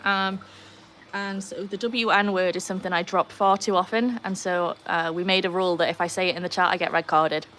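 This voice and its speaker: A woman's voice: lowish voice, steady tone, a little fast, a bit bright, slight background noise. Chatty Welsh woman livestreaming. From Wales. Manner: chatty, reads out viewer comments, talks to her dogs. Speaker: livestream host. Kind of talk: casual live-stream chat. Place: outdoors by a backyard pool.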